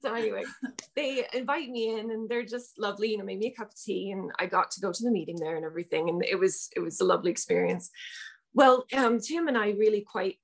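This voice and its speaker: A woman's voice: mid-range voice, fast talker, gravelly. A young adult woman telling a personal story in casual chat, laughing often and restarting her sentences. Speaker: guest.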